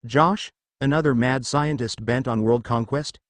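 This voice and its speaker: A man's voice: medium pitch, unhurried, no room sound, natural voice. A man voicing a kindly, mildly lecturing middle-aged father in a read-aloud story, close to his own voice. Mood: fatherly.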